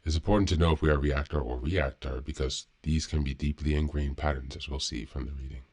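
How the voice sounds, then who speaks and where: With a rumbling low voice, a man hosting a daily recovery podcast reads a meditation aloud, then reflects on it at a calm, measured pace.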